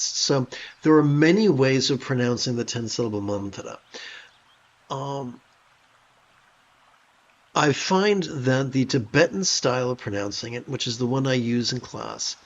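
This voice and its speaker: A man teaching meditation on a livestream, speaking calmly and thoughtfully and pausing now and then to rephrase. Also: mid-range voice. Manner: calm, thoughtful, pauses to rephrase. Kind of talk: livestream dharma talk. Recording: dull lo-fi sound.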